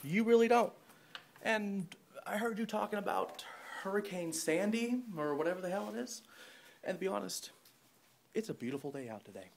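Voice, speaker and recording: Young guy w a cold trash talking, taunting and rambly, slightly high voice. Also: animated, normal speed, vocal fry, slight background noise. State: has a cold. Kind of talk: wrestling-style trash-talk promo.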